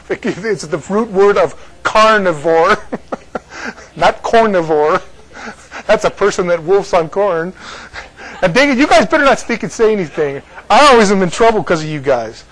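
A man's voice: high voice, animated, moderate pace, fairly bright tone, low-quality recording. A man from California giving informal Bible teaching to a small group, joking and laughing often between his points.

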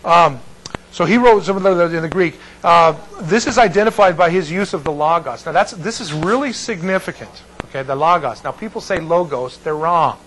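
A man's voice: a little high, expressive, normal speed, fairly bright tone, a little hiss or hum, poor audio. A man teaching a Bible class, digressing and breaking off mid-sentence while checking in with his students.

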